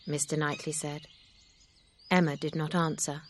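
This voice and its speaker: A woman reading a classic novel aloud as an audiobook narrator, in a calm, even storytelling manner on a close microphone. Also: deep voice, moderate pace.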